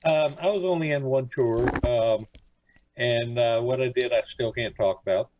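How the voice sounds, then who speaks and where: A man's voice: mid-range voice, normal speed, lo-fi sound, background noise. An older man from Florida, a radio show guest, telling stories in a rambling, folksy way with lots of fillers. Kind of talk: casual interview chat.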